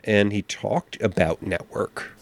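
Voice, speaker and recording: A man hosting a movie program, chatting casually with halting fillers. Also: on the low side, fairly even intonation, creaky. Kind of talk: casual chat.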